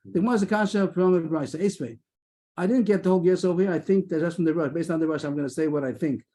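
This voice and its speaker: Guy working thru a talmud page out loud on a video call, kinda high but mellow voice, lots of restarts. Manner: hesitant, many restarts, quick asides. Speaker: Talmud lesson leader. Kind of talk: thinking aloud through a Talmud text.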